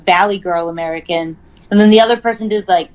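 A woman's voice: mid-range voice, fast talker, darkish tone. A young woman hosting a podcast in casual chat, talking with lots of ums and likes. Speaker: podcast host. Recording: slightly dull, lo-fi audio.

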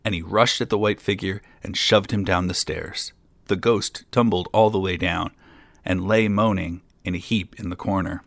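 A man narrating a fairy tale in a measured way, with dry amused asides. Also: sits low, steady tone, creaky, no echo. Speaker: storyteller.

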